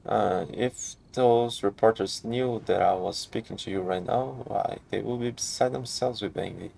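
A man's voice: lowish voice, normal speed, creaky, darkish tone, a little hiss or hum. A man reading the lines of an eccentric, theatrical male inventor in a game, speaking grandly and wordily. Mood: grandiloquent. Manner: grandiose, wordy speech. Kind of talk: game dialogue read aloud.

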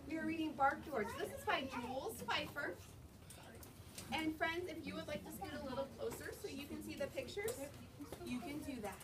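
A woman librarian reading a picture book aloud to young children at storytime, in an animated sing-song manner, asking them questions as she goes. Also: sits high, normal speed. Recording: distant mic, noisy room. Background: children answering.

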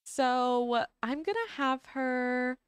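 Slow, giggly young woman narrating a game. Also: high voice, little pitch movement, a little hiss or hum. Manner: chatty, giggly, with frequent ums. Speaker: gaming channel host. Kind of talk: casual let's-play narration.

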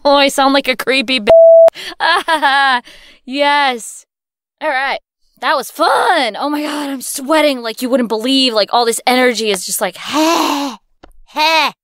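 A woman's voice: high-pitched, slow, fairly bright tone, dry recording, studio quality. Giggly rambling woman. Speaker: audio drama cast member. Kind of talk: casual chat between takes.

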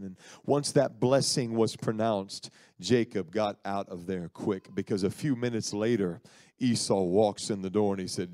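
A man preaching a sermon, retelling a story in an animated, folksy way and acting out the voices. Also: on the low side, unhurried, no room sound, studio quality.

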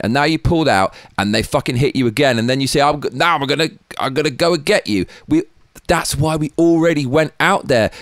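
A man tears into the news in an angry, profane rant, fired up and blunt. His voice sits at an ordinary middle pitch. The sound is close and completely dry. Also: dry recording. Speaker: host. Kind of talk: ranting political commentary.

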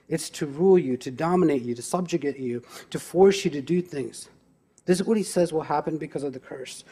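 Preaching pastor with a mellow voice. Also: male voice, a little high, husky. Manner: preaching with emphatic rhetorical questions. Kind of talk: sermon. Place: church.

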